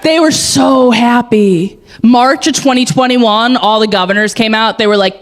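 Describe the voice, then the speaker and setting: A woman's voice: on the high side, moderate pace, hardly any pauses. A woman doing a stand-up comedy set on a club stage, telling stories and acting out the people in them. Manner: animated storytelling, acting out quotes.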